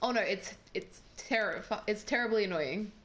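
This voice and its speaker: A woman in casual chat, relaxed, nudging the story along and finishing her partner's points. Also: mid-range voice, normal speed.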